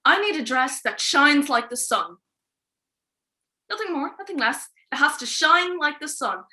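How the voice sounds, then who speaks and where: Brief: fake-sweet young princess, voiced by a woman, bright, slightly high voice, coaxing. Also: expressive, unhurried, full character voice. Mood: insistent. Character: young female princess, sly and wheedling.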